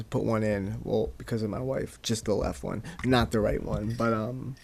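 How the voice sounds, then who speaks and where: A man's voice: fairly low pitch, fairly even intonation, a little fast, creaky, hardly any pauses, a little mellow, a little hiss or hum. A young man hosting a casual solo podcast, ranting in a rambling, profane way and often repeating words as he goes. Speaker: podcast host.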